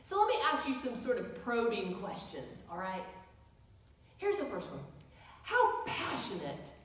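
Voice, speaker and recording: In a church sanctuary, a woman pastor preaches a sermon, telling stories and putting questions to the congregation. Her medium-pitched voice swings widely at a moderate pace, heard from a distance in an echoey hall.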